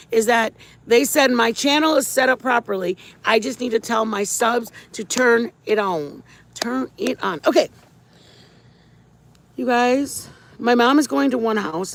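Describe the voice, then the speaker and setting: A middle-aged woman with a gravelly, fairly high voice hosts a casual livestream, rambling through a story and greeting viewers by name.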